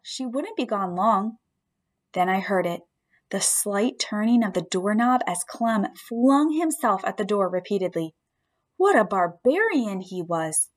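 Woman, audiobook narrator, fairly high voice, expressive, first-person storytelling.

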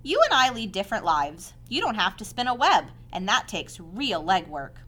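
A woman reading aloud and voicing a wise, kind female spider who explains things patiently and teases gently. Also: medium pitch, very animated, normal speed. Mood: explaining.

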